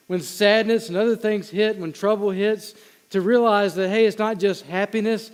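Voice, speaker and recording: A man's voice: sits high, fairly even intonation, normal speed, clear, resonant tone. A man preaching a sermon to his congregation in a conversational way, with asides to the people in front of him. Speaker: pastor. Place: church sanctuary. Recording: long hall reverb.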